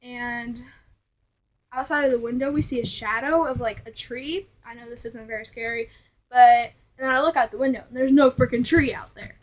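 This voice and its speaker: A young woman casually telling ghost stories to her vlog viewers, chatty and animated, now and then dropping to a hushed aside. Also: a little high, normal speed, low-quality recording. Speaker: vlogger.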